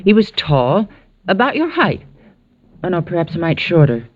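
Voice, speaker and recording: An actress playing a spirited, earnest young niece in an old radio drama. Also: female voice, on the low side, big pitch swings, normal speed, no room sound. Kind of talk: 1940s radio acting. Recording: dull, dry old radio broadcast.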